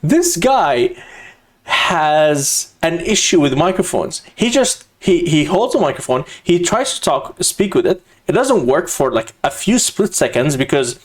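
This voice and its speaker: A man's voice: on the high side, very animated, a little slow. A man co-hosting a casual podcast chat, teasing and bantering playfully with his co-host.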